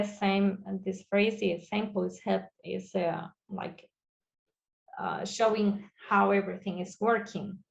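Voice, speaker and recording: A woman's voice: medium pitch, creaky. Woman lecturing over a muffled call. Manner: halting non-native phrasing with many fillers. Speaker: guest researcher.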